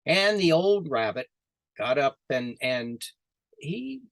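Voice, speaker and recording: A man telling a folk tale to friends over a video call, relaxed and often repeating his words. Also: fairly high pitch, slow pace, creaky, dry recording. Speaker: storyteller, group organizer. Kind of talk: oral storytelling narration.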